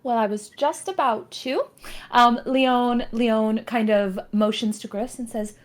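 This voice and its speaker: A woman's voice: fairly high pitch, measured pace. A woman player describing her character's actions in a casual tabletop game. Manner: casual, laughing. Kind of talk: tabletop role-play.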